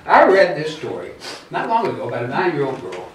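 A man's voice: on the high side, huge pitch swings, brisk, heavy reverb, recorded from a distance, slight background noise. Folksy man telling stories on stage. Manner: easygoing, folksy and conversational. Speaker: storyteller. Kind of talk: live one-man storytelling show. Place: theater stage.

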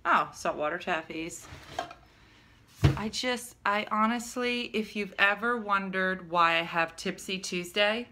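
A middle-aged woman runs a comic vlog from her bedroom, delivering an exasperated rant to camera full of gasps and exclamations. She speaks unhurriedly in a medium-pitched voice with a bright, forceful tone.

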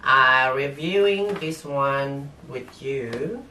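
Slow, bright-voiced man with a non-native accent. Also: medium pitch. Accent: non-native English accent. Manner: halting, hesitant, broken English with many fillers. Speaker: vlogger. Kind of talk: unboxing haul vlog. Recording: roomy echo, distant mic, faint noise.

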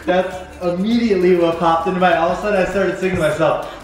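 A man's voice: high-pitched, steady tone, fast talker, soft background music. A man, the husband in a family vlog, chatting casually and playfully at home. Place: indoors at home. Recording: echoey room, far from the mic.

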